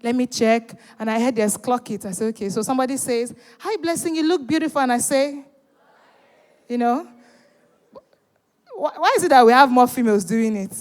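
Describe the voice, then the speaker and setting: A woman's voice: fairly high pitch, moderate pace, pauses often. A woman hosting a live event, bantering with and teasing the audience and urging them to join in. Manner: animated, teasing, urging the crowd. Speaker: event host. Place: large event hall. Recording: reverberant hall.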